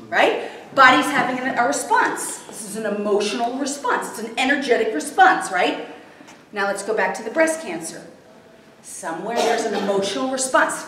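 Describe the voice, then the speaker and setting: High-voiced woman teaching in an echoey room. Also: lively intonation, fairly quick, fairly bright tone. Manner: keeps checking in with the audience. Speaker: spiritual workshop teacher. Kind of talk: live workshop talk to a group. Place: room with a live audience. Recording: very echoey room, distant, faint noise.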